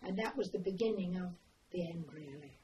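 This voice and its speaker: An older woman telling her memories in an oral history interview, with an unhurried, meandering way of telling a story. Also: fairly low pitch, dark tone, dull audio. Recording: distant mic, faint background noise.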